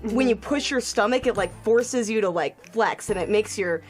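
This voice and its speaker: A woman's voice: mid-range voice, normal speed, soft background music. A young woman coaching a screaming vocal tutorial, upbeat and encouraging, demonstrating with sighs and growls.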